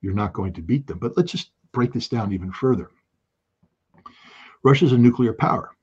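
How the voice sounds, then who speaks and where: A man giving an impassioned political monologue as a show host, emphatic and repetitive, with bursts of forceful insistence. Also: mid-range voice, animated, normal speed, husky, lo-fi sound. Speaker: political commentator.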